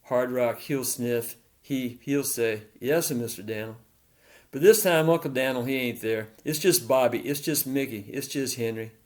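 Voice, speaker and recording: A man narrating a literary story in a rhythmic, repetitive, deliberate delivery. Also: medium pitch, darkish tone.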